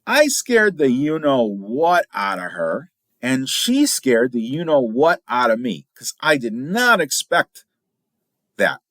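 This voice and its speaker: A middle-aged man from Illinois hosting a casual podcast as a firearms instructor, telling stories in a chatty, animated way with big jumps in pitch for emphasis. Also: slow, no room sound, clean studio sound. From Illinois, USA.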